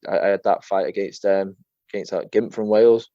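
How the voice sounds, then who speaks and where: A man's voice: low voice, steady tone, fairly quick, mellow, dry recording. A young man, an MMA fighter as a guest, chatting casually and rambling through stories while he swears and keeps saying "mate". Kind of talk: casual chat. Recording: dull lo-fi sound.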